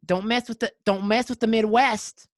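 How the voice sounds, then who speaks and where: A man's voice: high-pitched, fairly even intonation, normal speed, no room sound, clean studio sound, pitched above the performer's own voice, lightly acted. A man putting on a brash, oil-hungry Midwestern American man with a swaggering drawl. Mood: boastful.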